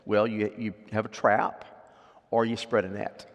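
A man preaching a sermon as pastor, swinging from loud, emphatic scripture readings to quiet asides and questions to the congregation. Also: lowish voice, level tone, unhurried, lo-fi sound. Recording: long hall reverb.

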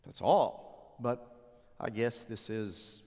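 A man voicing a kindly old male high priest who fusses over a visitor with short, repeated questions. It is recorded with long reverb in a large hall. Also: slow pace, vocal fry, mellow, exaggerated voice. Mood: hesitant.

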